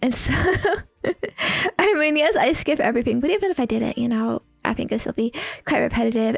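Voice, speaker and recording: A woman's voice: fairly high pitch, lively intonation, normal speed, vocal fry, no echo. A woman streaming a game, chatting casually in a playful, giggly, teasing way. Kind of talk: casual live-stream chat.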